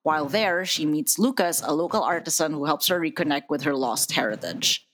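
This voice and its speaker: A woman's voice: low voice, brisk, a bit bright, a little hiss or hum, rough recording. A woman co-hosting a podcast, chatting casually and with strong opinions about a movie, laughing often. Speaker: podcast co-host. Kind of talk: casual movie review chat.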